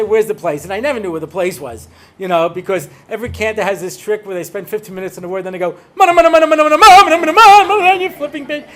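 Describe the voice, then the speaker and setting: An American man, a rabbi, giving a humorous talk to an audience, telling stories and acting out bits for laughs. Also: high voice. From United States. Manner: joking storyteller, acts out cantors and voices.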